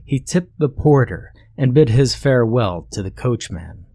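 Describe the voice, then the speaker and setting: A man reading a horror story aloud as scripted narration, steady and measured. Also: mid-range voice, dry recording.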